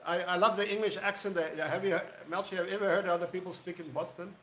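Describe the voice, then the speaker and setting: A chatty man hosting a casual live stream, rambling along and greeting viewers one by one. His voice sits a little high, and the room adds a clear echo. A faint hum of ambience runs underneath. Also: steady tone, fast talker, a bit bright. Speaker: livestream host.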